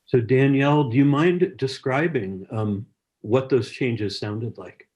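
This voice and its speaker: A man's voice: medium pitch, takes it slowly, a little mellow. Male science educator, online workshop host; encouraging, chatty, video-call sound. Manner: encouraging, chatty, reads chat messages aloud. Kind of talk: friendly teaching over a video call.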